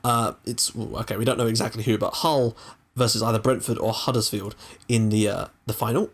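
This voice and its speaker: A man's voice: lowish voice, fairly quick, breathy edge. Chatty man commentating a game. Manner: chatty, excitable, swears casually. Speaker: gaming channel host.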